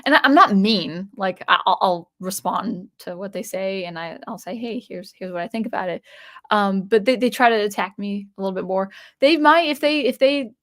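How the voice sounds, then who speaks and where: A woman's voice: mid-range voice, lively intonation, moderate pace, few pauses, a bit bright. Rambling woman chatting on a stream. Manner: rambling, frequent restarts and repeated words. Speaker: channel host. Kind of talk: casual livestream chat.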